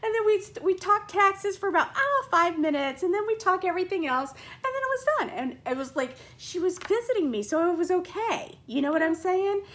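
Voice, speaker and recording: A woman hosting a casual chat show, talking in an animated, dramatic way and acting out scenes in high squeals. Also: a little fast, hardly any pauses. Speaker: podcast host.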